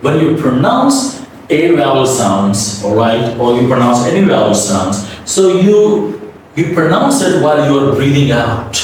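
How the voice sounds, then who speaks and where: A man's voice: mid-range voice, big pitch swings, measured pace, darkish tone, a little hiss or hum. Man teaching pronunciation in echoey room. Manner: explains step by step, often checks with "okay?". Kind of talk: spoken classroom lesson. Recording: roomy echo, mic at a distance.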